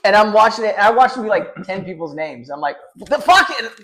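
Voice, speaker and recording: Casual podcast co-host, man in his thirties, slightly higher voice, animated, acts out quotes. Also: fast talker. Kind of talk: casual chat.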